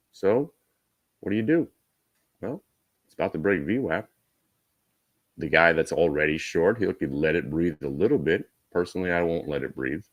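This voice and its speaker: Male trading-room host, very low pitch, dry close sound, brisk coaching manner. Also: no room sound. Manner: brisk and coaching, talks to viewers directly; wry asides. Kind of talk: live trading room commentary.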